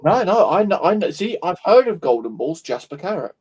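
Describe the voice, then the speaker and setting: A man's voice: sits high, sing-song, fairly quick, darkish tone, breathy edge. A man in casual chat with friends, laughing a lot and giving brief reactions. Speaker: channel host, co-chatting.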